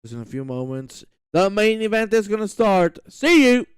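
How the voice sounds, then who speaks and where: High-voiced man calling sim racing. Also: very animated, moderate pace, clean tone, no room sound, low-quality recording. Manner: hype play-by-play, addresses the audience. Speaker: race commentator. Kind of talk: lively sim racing broadcast commentary.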